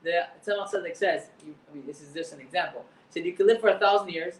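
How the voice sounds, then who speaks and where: A rabbi with a high voice leads a class, translating old Hebrew lines and circling back on his words as he explains them. He is heard from a distance in a room that echoes. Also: quick pace. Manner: explains Hebrew text line by line, repeats words.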